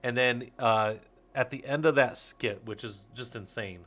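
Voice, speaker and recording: A man's voice: medium pitch, measured pace, fairly bright tone. A man in his forties hosting a casual livestream, rambling to his viewers, laughing often and swearing casually. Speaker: host of a Linux user group stream.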